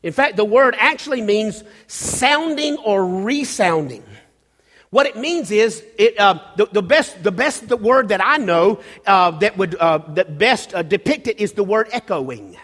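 High-voiced male pastor preaching in a hall. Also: lively intonation, a bit bright. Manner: preaching, often halting and restarting, with bursts of raised emphasis. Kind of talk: sermon. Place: church sanctuary. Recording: long hall reverb.

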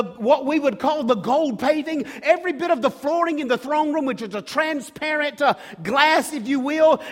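A man preaching a sermon with emphatic rhetorical questions, sometimes dropping to a hush. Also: extremely high pitch, long reverb tail. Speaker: pastor.

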